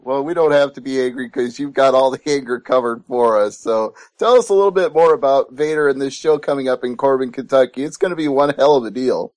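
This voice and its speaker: A man's voice: mid-range voice, a little fast, few pauses, a little mellow, no echo. A man hosting an online radio interview, upbeat and laughing easily with his guest. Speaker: radio show host.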